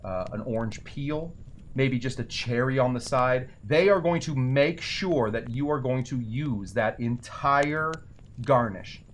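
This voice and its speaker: A man's voice: mid-range voice, a little hiss or hum. Rambling, jokey man hosting a cocktail show. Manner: rambling, self-deprecating, jokey asides. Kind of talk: casual comedic how-to talk.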